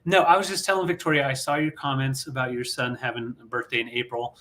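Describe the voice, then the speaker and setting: A man co-hosting a live-stream vintage sale, upbeat, chiming in with quick remarks. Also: mid-range voice, fairly even intonation, a bit bright, a little hiss or hum. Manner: upbeat, laughing interjections. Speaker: co-host. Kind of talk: casual live-stream chat.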